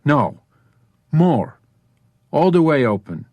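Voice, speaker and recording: A man's voice: on the high side, sing-song, slow pace, darkish tone, dry recording, pitched above the performer's own voice, exaggerated voice. A man voicing a small, tough woman who is a former cop, giving clipped, commanding orders at gunpoint.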